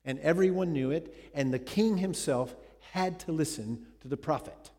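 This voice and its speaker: A man's voice: fairly high pitch, moderate pace, dark tone. A man preaching a sermon, retelling a scripture story dramatically and asking his listeners questions. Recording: long hall reverb.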